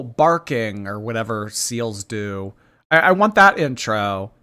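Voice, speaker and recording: A man's voice: lowish voice, expressive, measured pace, sharp tone. Sarcastic man streaming live commentary. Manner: sarcastic, teasing. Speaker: live streamer reacting to videos.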